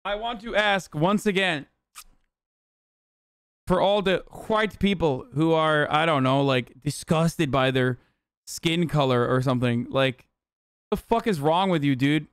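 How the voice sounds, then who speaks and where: A man's voice: fairly high pitch, unhurried, clear, resonant tone, no room sound, clean studio sound. A man hosting a live stream, reacting to clips in a casual, profane and exasperated way. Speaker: streamer host.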